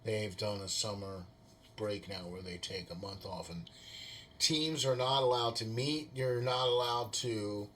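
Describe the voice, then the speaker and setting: A man's voice: fairly low pitch, steady tone, measured pace, bright, forceful tone, slight background noise. A man hosting a sports podcast, chatting casually and rambling with many fillers. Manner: rambling, filler-heavy, friendly. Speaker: podcast host.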